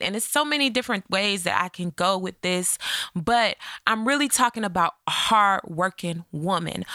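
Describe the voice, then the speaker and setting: A woman's voice: medium pitch, bright, forceful tone, no room sound, clean studio sound. A woman hosting her own podcast in a casual monologue. She talks to her listeners as "sis" and "y'all" and keeps checking in with them by asking "okay?". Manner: chatty and encouraging, often checking in with "okay?". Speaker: podcast host.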